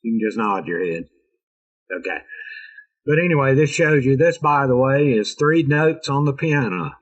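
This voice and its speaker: Animated and speaking at normal speed, a North American man runs an informal engineering training over a video call, chatty with sarcastic jokes. His voice is mid-range, and the highs are cut off in the audio.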